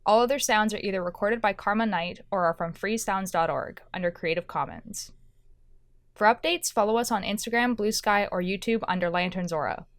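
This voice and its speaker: A woman reading the end credits of her podcast in a plain, steady way. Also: medium pitch, fairly quick, dry recording, clean studio sound. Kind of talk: scripted credits read.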